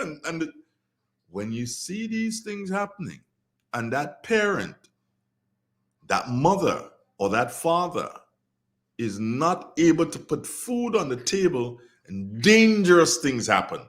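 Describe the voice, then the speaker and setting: A man's voice: fairly high pitch, big pitch swings, takes it slowly, fairly bright tone. A man with a Grenadian accent hosting a radio talk show, commenting earnestly and repeating phrases for emphasis. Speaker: radio host.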